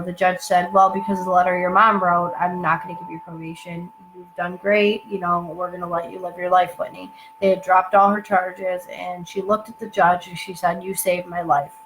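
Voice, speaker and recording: A young woman telling a personal story at home, halting, with many fillers and asides. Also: fairly low pitch, sharp tone, a little hiss or hum, low-quality recording. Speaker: channel host telling her story.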